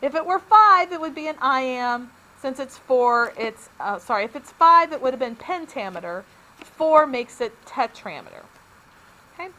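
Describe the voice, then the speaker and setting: A woman's voice: high voice, sharp tone, slight background noise, poor audio. A woman teacher giving a recorded lesson, upbeat and explaining each step plainly.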